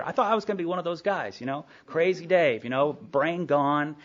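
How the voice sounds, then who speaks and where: A man, speaking at a recovery meeting, telling his story in a quick, animated way full of asides. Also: a little high. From Sherman, Texas. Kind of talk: personal storytelling talk. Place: meeting hall. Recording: dull lo-fi tape recording.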